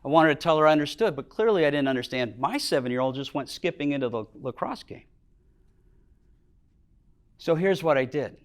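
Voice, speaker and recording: A man's voice: expressive, brisk, pauses often. Earnest middle-aged man telling stories. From Minnesota. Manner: earnest storyteller, voice drops low and quiet on emotional moments. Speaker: business owner giving a talk. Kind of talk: motivational storytelling speech. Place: lecture hall with audience.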